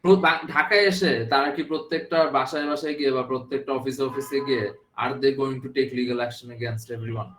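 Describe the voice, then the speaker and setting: A man's voice: medium pitch, fairly even intonation, rapid-fire, fairly bright tone, reverberant, slight background noise, poor audio. A man with a Bangladeshi accent teaching a class, switching between English and Bengali and often checking that his students follow. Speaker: university lecturer. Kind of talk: classroom lecture.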